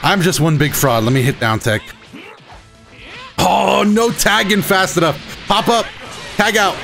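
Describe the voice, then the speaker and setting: A man giving live commentary on his own fighting-game matches, excitable, swinging between muttering and shouting, his throat a bit rough. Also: sits high, a little slow, faint music behind. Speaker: gaming YouTuber.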